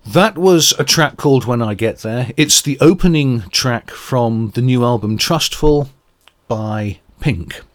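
A man's voice: mid-range voice, unhurried. Earnest man reviewing music. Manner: reflective, earnest, searching for words. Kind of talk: radio album review commentary.

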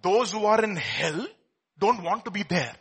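Husky-voiced preacher swinging hushed to loud. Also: male voice, high-pitched, sing-song, a little slow. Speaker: pastor. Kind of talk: sermon.

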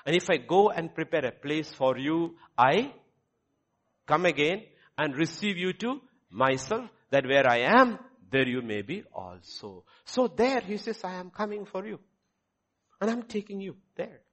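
Guy preaching sunday sermon, pitch all over the place, keeps throwing questions at the crowd. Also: sing-song, measured pace, a bit bright. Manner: preaching with rising emphasis and rhetorical questions. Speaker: pastor.

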